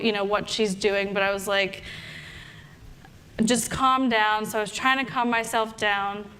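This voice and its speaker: A young woman working as a health coach tells a story during a talk, animatedly acting out her own inner thoughts. Her voice sits on the high side and sounds smooth.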